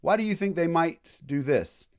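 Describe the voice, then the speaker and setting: A man giving a casual college history lecture in a classroom, joking and acting out quick voices of historical groups. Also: a little high, lively intonation, smooth.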